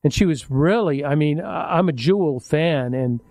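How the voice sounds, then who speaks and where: An older man hosting a radio talk show, speaking in a halting, reflective way and often correcting himself mid-sentence. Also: fairly high pitch, darkish tone, no echo. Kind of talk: casual interview chat.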